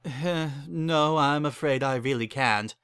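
A man's voice: on the high side, slow, fairly bright tone, clean tone, no echo, studio quality, voice pushed up. A man voicing an older male aristocrat pony with grand, formal phrasing, in a dramatic story reading. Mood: regretful.

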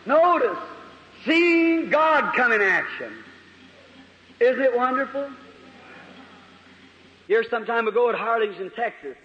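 A man preaching a revival sermon, moving between loud fervent preaching and quiet storytelling. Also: high-pitched, slight background noise. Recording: dull old hall recording with echo.

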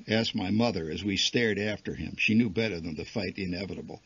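Wry male storyteller, husky voice. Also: low-pitched, fast, few pauses, dry recording. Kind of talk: reading a humorous short story aloud. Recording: dull lo-fi archival recording.

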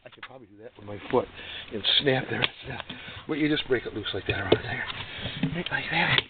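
A man's voice: a little high, animated, fairly quick. Folksy man on tinny distant audio. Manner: folksy, rambling, joking asides. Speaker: DIY motorcycle repair vlogger. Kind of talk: casual how-to demonstration. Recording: tinny distant noisy phone-like sound.

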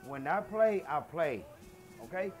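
A man's voice: a little high, expressive, unhurried. A middle-aged man, hosting a casual home cooking show in his kitchen, chatty and boastful, dropping phrases as he goes.

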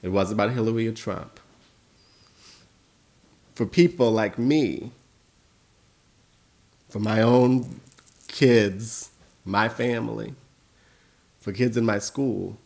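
An American man giving a keynote speech, telling stories with passion and swinging from hushed lines to emphatic ones. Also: fairly low pitch, slow, gravelly, long pauses. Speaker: keynote speaker and school principal.

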